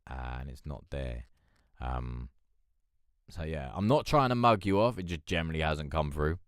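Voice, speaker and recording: A man's voice: a bass voice, expressive, moderate pace, smooth, no echo, clean studio sound. A young man hosting a casual live stream, telling a rambling story full of swearing and fillers. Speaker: livestream host.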